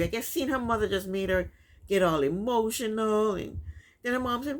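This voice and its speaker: A woman's voice: medium pitch, normal speed. A woman casually recapping a reality TV episode from home, sassy and chatty, laughing at what she sees. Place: at home, fan running nearby.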